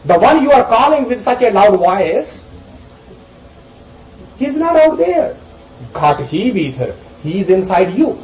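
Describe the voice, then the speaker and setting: A man teaching a group as he explains scripture verses, animated and emphatic, swinging between loud questions and soft asides. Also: high voice, measured pace, pauses often, reverberant, muffled recording. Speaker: spiritual teacher.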